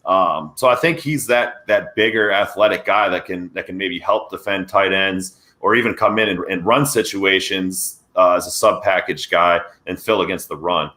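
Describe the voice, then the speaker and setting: Brief: male co-host, low and bright voice, energetic casual football talk. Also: normal speed, few pauses. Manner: energetic, conversational football analysis. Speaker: podcast co-host. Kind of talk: casual sports podcast discussion.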